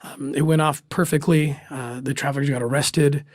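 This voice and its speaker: A man's voice: on the high side, steady tone, moderate pace, dry recording, clean studio sound. A middle-aged man, a guest in an interview, telling a first-person story in an earnest way that halts with emotion.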